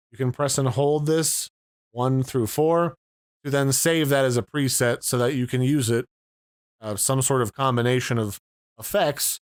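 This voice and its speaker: Tech reviewer, male, relaxed explainer, dry and close, mid-range voice. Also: mid-range voice, no echo. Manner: casual, explanatory, conversational. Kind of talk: product review and unboxing.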